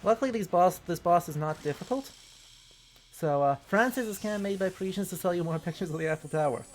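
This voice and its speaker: A man's voice: high-pitched, a little fast, soft background music. A man streaming a game live, cracking jokes and making scattered asides between reading lines.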